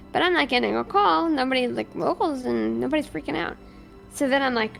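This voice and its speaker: A woman streamer with a high, bright voice and vocal fry speaks fast and animatedly, with soft music in the background. Playing a police officer in a roleplay, she tells the story in character and acts out both sides of the dialogue.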